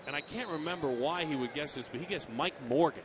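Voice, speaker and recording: A man's voice: fairly high pitch, fast talker, noisy background. A man calling a baseball game play by play, chatty and jokey, lifting his voice on big plays. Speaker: play-by-play announcer. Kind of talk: baseball TV commentary.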